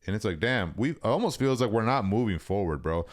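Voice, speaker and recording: Young male podcast co-host, low voice, profane and rambling, casual chat. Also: expressive, fairly quick. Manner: profane, rambling storyteller, says "bro" constantly.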